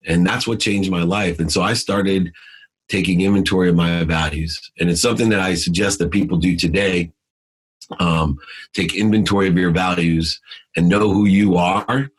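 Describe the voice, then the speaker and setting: A man's voice: low voice, breathy edge. A man telling his story as an interview guest, intense and emphatic in a motivational way.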